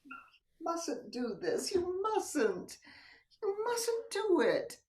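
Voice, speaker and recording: A woman's voice: very high voice, wildly swooping pitch, extremely slow, a little mellow, full character voice. A woman playing a coquettish married woman in a stage play, teasing and dropping to whispers. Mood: mock distress. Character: coy married woman playing a seductive game. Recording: echoey room, from a distance.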